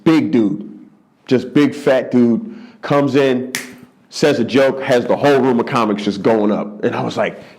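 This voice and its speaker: A man from the Philadelphia area, around forty, a stand-up comedian telling a story in an interview in a lit studio. He repeats words for emphasis and keeps the telling lively and animated. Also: measured pace. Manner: animated, repeats for emphasis, jumps into high-pitched voices for quoted people. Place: studio under hot lights.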